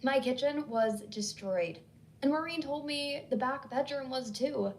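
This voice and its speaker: A cold, guarded woman with no patience, as read by a woman storyteller, clipping her words short. Her voice is a little high and snaps when she is pushed. A faint hiss sits underneath. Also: unhurried. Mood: curt, angry. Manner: curt and clipped, defensive.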